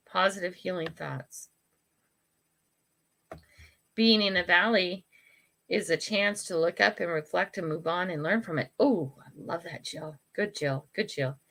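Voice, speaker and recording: A woman's voice: fairly low pitch, bright, forceful tone. An older woman hosting a casual livestream, reading and answering viewer comments in a frank, chatty way, laughing often and breaking off to apologize. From United States. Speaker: livestream host.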